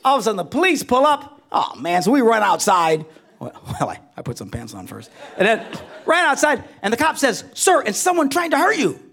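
A middle-aged male pastor preaching a humorous sermon, telling comic stories and swinging between loud bursts and hushed asides. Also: high voice, huge pitch swings, a little fast, gravelly.

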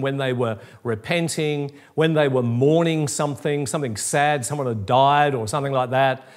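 A middle-aged pastor delivers a sermon in a relaxed, conversational manner. He mixes scripture reading with light humorous asides. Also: mid-range voice.

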